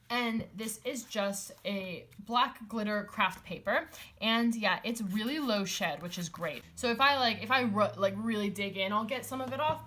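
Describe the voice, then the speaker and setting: A woman's voice: mid-range voice, fairly bright tone, slight background noise. Chatty woman rambling through a haul. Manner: chatty and rambling, many fillers and restarts; enthusiastic, gushing over items. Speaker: vlogger showing a stationery haul. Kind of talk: casual chat.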